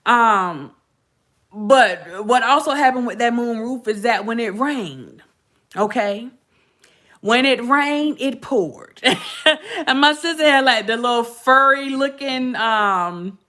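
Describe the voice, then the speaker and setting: A middle-aged woman chats through old stories and keeps calling out to her listeners. Her voice sits a little high and rings bright. She laughs easily as she talks. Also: animated, slow pace. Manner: chatty, laughing, addresses listeners as y'all. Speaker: podcast host. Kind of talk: casual storytelling to viewers.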